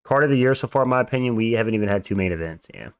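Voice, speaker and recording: Very fast and lively, this fairly low male voice reacts to fights in a casual, slang-heavy livestream while thanking donors. Slight background noise can be heard.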